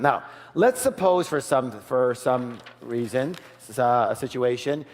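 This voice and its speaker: High-energy seminar guy, yes-or-yes crowd prompts, big echoey hall. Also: measured pace, hardly any pauses, a little hiss or hum. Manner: energetic, leads the audience in call-and-response; drops to a soft, quiet voice for role-played offers. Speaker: seminar speaker. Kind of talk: motivational sales seminar. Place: large hall with a live audience. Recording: long hall reverb.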